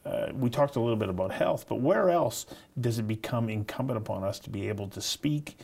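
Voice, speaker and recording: A man's voice: mid-range voice, expressive, fairly quick, creaky, a little mellow, husky. A man hosting an interview, asking curious, probing questions and thinking aloud as he frames them.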